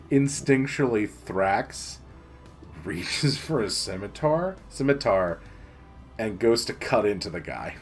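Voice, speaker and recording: Lively-voiced man running a tabletop game. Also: fairly low pitch, takes it slowly, pauses often, soft background music. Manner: casual, laughing often. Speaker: game master.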